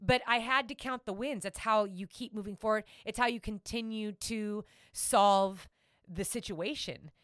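Smooth-voiced giggly woman storyteller. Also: mid-range voice, measured pace, no echo, clean studio sound. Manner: animated, giggly, acts out quotes. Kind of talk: casual storytelling chat.

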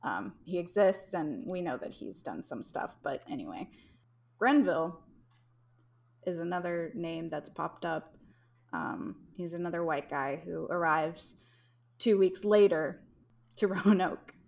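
Young woman podcast host, low voice, slow unhurried delivery, rambling chatty storytelling. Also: gravelly, darkish tone. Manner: rambling, laughs often, swears casually. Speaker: podcast host telling history. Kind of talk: casual chat.

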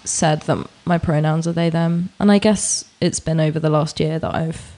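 A non-binary guest on a podcast in casual chat, candid and expressive, swearing freely. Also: mid-range voice, normal speed.

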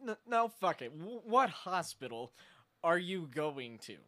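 Slow, exasperated deadpan host man. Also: fairly high pitch. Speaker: show host. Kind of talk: comedy talk show.

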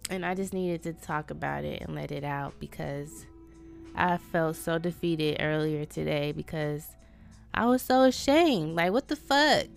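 A woman's voice: deep voice, a little slow, creaky, faint music behind. A woman hosting her own podcast, venting in a casual, profane, self-deprecating way. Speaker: podcast host. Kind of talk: casual solo podcast monologue.

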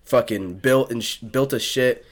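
A young man from South Florida hosts a casual podcast chat. He tells a long, rambling story packed with swearing and restarts, in a voice of ordinary pitch. His delivery stays loose and conversational. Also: measured pace. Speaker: podcast host.

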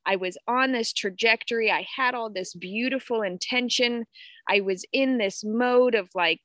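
A woman's voice: mid-range voice, sharp tone, no room sound. Candid swearing woman, dry close sound. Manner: candid, swears freely, greets viewers. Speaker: podcast host. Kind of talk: casual spiritual live talk.

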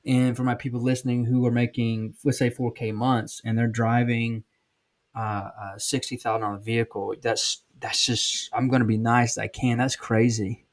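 A man's voice: medium pitch, little pitch movement, normal speed. A man in his thirties from South Georgia with a Southern accent, giving blunt, folksy advice in a casual podcast monologue. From South Georgia, USA. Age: 30s. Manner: blunt, folksy, emphatic, with many ums and restarts. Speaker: podcast host and sales trainer.

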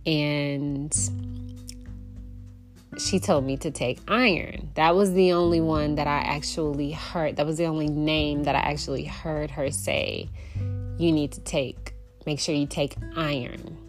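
A young woman with a notably low voice tells a personal story in a heartfelt, animated way, often breaking into laughter. Faint guitar music plays softly behind her. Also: measured pace. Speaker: podcast host.

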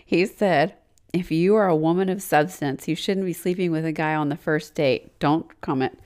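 A woman's voice: low voice, moderate pace, darkish tone. Casual co-host, woman, blunt, laughs a lot, curses easily. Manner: blunt, giggly, swears freely. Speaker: podcast co-host. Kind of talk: casual chat.

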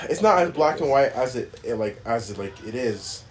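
A man's voice: medium pitch, expressive, normal speed, a little hiss or hum. A man co-hosting a podcast, arguing in a heated casual chat, frustrated, trailing off and restarting sentences. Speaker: podcast co-host.

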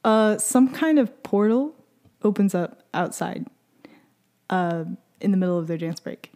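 A young woman in casual conversation, telling a story with energy and dropping into little voices for each character. Her pitch sits in the middle range for a woman, and she often breaks into laughter as she goes. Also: animated, measured pace, mellow. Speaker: podcast co-host recapping a series. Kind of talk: casual chat.

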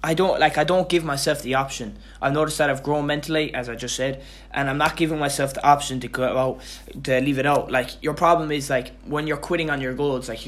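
A tired young man hosting his own podcast, talking in a loose, rambling way with lots of restarts and casual swearing. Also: medium pitch. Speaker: podcast host. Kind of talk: casual motivational monologue.

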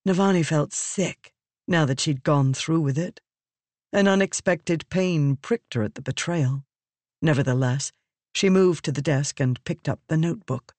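Slow, measured audiobook narrator. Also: mid-range voice, a little mellow, no room sound. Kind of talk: scripted narration.

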